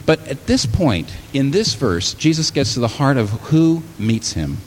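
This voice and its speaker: A man preaching a sermon in a church hall, animated and often taking on the voices of the people he quotes. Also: mid-range voice, a little slow. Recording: long hall reverb, faint room ambience.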